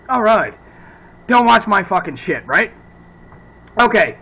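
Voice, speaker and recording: A man's voice: sits high, bright, forceful tone, husky, rough recording. Swearing man ranting on his vlog. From upstate New York. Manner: ranting, swearing, laughs at himself. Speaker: vlogger.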